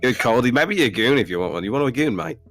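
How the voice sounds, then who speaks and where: A man's voice: mid-range voice, lively intonation, fast talker, fairly bright tone, faint music behind, voice pushed up. A man playing a crude, swearing Australian character with a put-on accent in a tabletop game. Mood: blustery. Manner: slangy and profane, ends lines with "mate" and "right". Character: brash swearing Australian bloke, crude and matey. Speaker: tabletop player.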